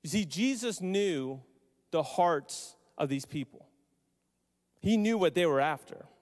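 A male pastor preaching a sermon, telling the story emphatically with pauses. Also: on the high side, lively intonation, a little mellow. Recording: long hall reverb.

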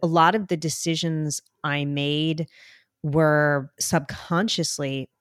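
A woman's voice: low voice, steady tone, slow pace, smooth, no echo, studio quality. A woman with a New Jersey accent, a podcast guest speaking openly and earnestly in a conversational interview.

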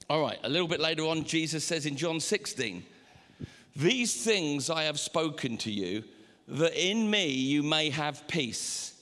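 Male pastor, fairly high voice, lively sermon delivery, long hall echo. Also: unhurried. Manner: animated preaching with sudden high pitch jumps.

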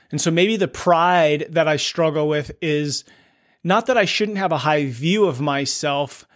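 A middle-aged man hosts a solo podcast, thinking aloud in an earnest, questioning, reflective monologue. His voice is a little high with a fairly bright tone. The studio-quality recording has no room sound.

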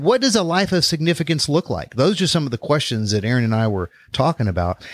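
A man's voice: medium pitch, dry recording. Upbeat man hosting a faith podcast. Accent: Texas. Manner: upbeat, welcoming, faith-centered talk. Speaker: podcast host and life coach. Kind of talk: podcast interview.

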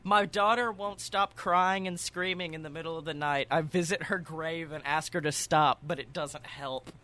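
Male podcast co-host, high and very bright voice, reads horror bits for laughs. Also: steady tone, moderate pace. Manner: laughs often, jokey asides. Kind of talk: comedic reading of horror stories.

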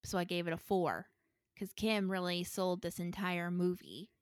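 A woman's voice: fairly low pitch, steady tone, normal speed, no echo. Frank woman podcaster, dry sound. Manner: frank, laughs between remarks. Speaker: podcast co-host. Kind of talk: casual movie review chat.

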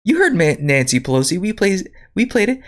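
A woman's voice: lowish voice, sing-song, fairly quick. A woman hosting a podcast, reading news items and answering them with indignant, sarcastic commentary. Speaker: podcast host.

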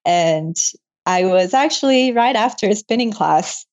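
A woman's voice: mid-range voice, animated, unhurried, a little mellow. A young woman guest and medical student telling her story in a casual interview, laughing often. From moved to Canada. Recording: muffled lo-fi audio.

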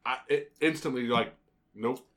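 A man's voice: mid-range voice, fairly quick, a bit bright. A man co-hosting a casual comedy podcast, riffing playfully. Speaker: podcast co-host.

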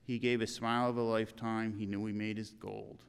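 A man's voice: on the low side, flat delivery, gravelly, smooth. Older man with church reverb. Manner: earnest, halting reading with restarts. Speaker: eulogist. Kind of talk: eulogy reading.

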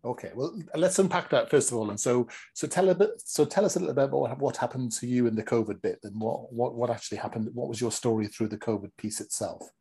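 A man's voice: mid-range voice, quick pace, hardly any pauses, mellow, breathy edge. A man hosting a podcast interview, chatty and teasing, often restarting his questions. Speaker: podcast host.

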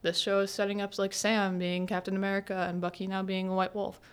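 A woman's voice: mid-range voice, a little fast, clean tone. Chatty young woman hosting a podcast. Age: young adult. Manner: chatty, animated retelling with lots of "like" and quoted lines. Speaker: podcast host. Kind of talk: casual solo podcast recap.

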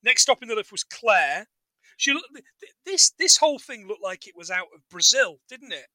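A man's voice: high-pitched, sing-song, normal speed, sharp tone, low-quality recording. A man co-hosting a casual film recap, rambling and joking and acting out lines from the movie. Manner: rambling, jokey, acts out quotes. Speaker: podcast co-host.

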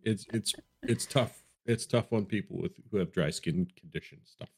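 A man's voice: low voice, normal speed, husky. A man co-hosting a casual podcast, reading listener questions and answering in a wry, rambling, self-deprecating way.

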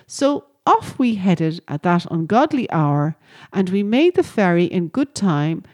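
A woman's voice: lowish voice, very animated, unhurried, a little mellow. A woman hosting a podcast, reading scripted narration in a friendly way and often asking listeners questions. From Ireland. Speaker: podcast host.

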